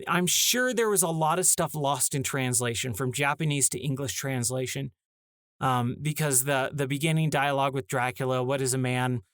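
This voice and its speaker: A man's voice: mid-range voice, normal speed, fairly bright tone, no echo, clean studio sound. A man hosting a casual talk show, ranting in an exasperated way and briefly acting out short bits of dialogue. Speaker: podcast host.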